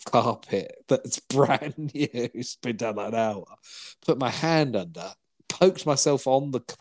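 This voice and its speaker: A man, co-hosting a podcast and telling rambling stories in casual chat, swearing now and then and acting out what people said. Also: medium pitch. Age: 40s. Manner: rambling storyteller, swears, acts out quoted lines. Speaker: podcast co-host.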